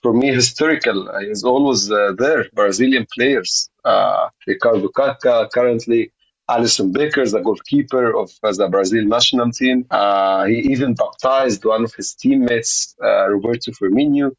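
A man's voice: mid-range voice, normal speed, husky. A man, a guest speaking hesitantly with many fillers and apologies over a video call. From Egypt. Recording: dull lo-fi online call audio.

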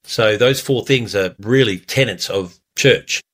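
A man preaching as a pastor, telling a story earnestly before communion, lively when he retells it. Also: on the low side, unhurried, husky.

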